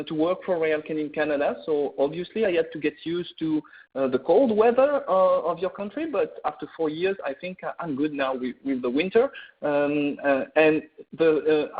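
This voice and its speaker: A middle-aged man from France with a French accent, giving a veterinary webinar lecture in an earnest manner, often pausing with "uh" and restarting. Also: on the high side. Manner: earnest, many "uh" fillers and restarts. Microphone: video call or webinar mic. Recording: tinny phone-like webinar audio.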